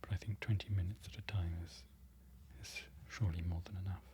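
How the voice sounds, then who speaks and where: A man with a low, mellow voice speaks in a hushed ASMR manner, often sliding into a whisper. He repeats foreign phrases slowly and carefully, pausing to correct himself. The tone stays gentle and unhurried, with a quiet hiss underneath. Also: fairly even intonation. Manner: self-correcting, apologetic learner. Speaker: ASMR creator learning a language.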